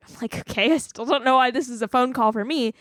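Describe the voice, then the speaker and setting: Twenty-something woman on a podcast, kinda high pitch, animated storytelling full of "like". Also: quick pace, no room sound, studio quality. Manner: animated retelling, acts out quotes, many "like"s. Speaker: podcast co-host. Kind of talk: casual storytelling chat.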